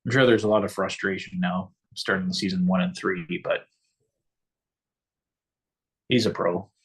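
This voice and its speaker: A man with a low, husky voice talks through a hockey game in a relaxed, offhand live-stream chat. He drops dry asides between his opinions. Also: normal speed. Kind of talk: casual hockey watch-along chat.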